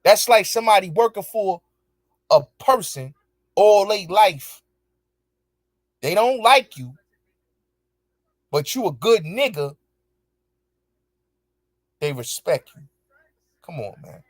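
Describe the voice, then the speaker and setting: A show host angrily rants back at viewers in heavy profanity, repeating his points with emphasis in a heated commentary. His voice sits high and is animated but slow, with long pauses. It is recorded with clean studio sound and no room sound.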